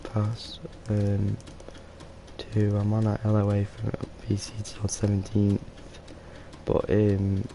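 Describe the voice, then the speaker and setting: Drowsy rambling man with a gravelly voice. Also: lowish voice, monotone, takes it slowly, noisy background. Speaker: gameplay streamer. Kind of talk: casual gameplay commentary.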